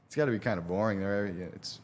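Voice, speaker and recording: A man's voice: lowish voice, quick pace. A young man, a college athlete, answering interview questions in an easygoing, hesitant way and laughing often. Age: young adult.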